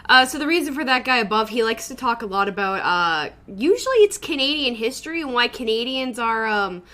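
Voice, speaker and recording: A woman chats live to her viewers in a loose, sweary way, laughing easily as she goes. Her voice sits a little high. She keeps the talk relaxed and offhand. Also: fairly quick. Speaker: streamer. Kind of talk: casual live-stream chat.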